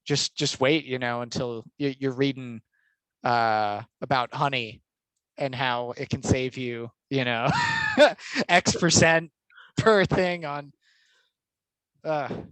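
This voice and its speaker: A man's voice: mid-range voice, slow pace, long pauses, a bit bright, clear, resonant tone, no echo, rough recording. A man talking casually as a guest on a podcast, nodding along and acting out thoughts in quotes. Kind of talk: casual conversation.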